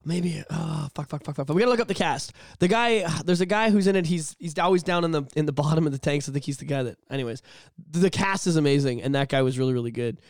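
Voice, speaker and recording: Fast-talking, profane man from Canada's East Coast. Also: a little high, vocal fry, no echo, studio quality. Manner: rambling, profane, animated storytelling. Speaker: podcast host. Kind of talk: casual chat.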